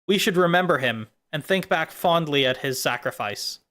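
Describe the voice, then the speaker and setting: Rambling streamer with a lively voice. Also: mid-range voice, normal speed. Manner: rambling, silly tangents. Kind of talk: casual stream chat.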